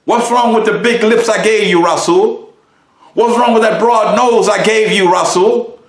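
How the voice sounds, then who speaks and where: A man's voice: high voice, a little slow, voice pushed up. A man voicing a stern, indignant God. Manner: indignant, repeated pointed questions. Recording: roomy echo.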